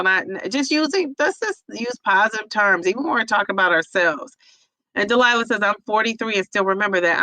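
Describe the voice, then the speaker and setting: Female host, bright tone, dry recording, emotional and conversational while reading viewer chat. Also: medium pitch, dry recording, low-quality recording. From United States. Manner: emotional, empathetic, many fillers. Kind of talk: casual livestream chat.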